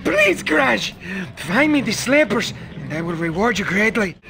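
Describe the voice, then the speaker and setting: A man's voice: high-pitched, very animated, measured pace, gravelly, bright, forceful tone, a little hiss or hum, exaggerated voice. An actor playing a nervous, fretful male henchman scientist who pleads, in a video game cutscene. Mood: flustered.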